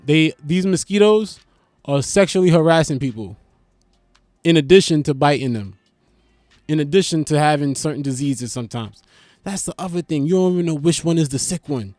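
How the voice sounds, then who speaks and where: Animated New man, rambling comedic riff. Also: a little high, moderate pace, no room sound, studio quality. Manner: loose, animated, profane, swings into loud bursts. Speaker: podcast host. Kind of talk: casual comedic monologue.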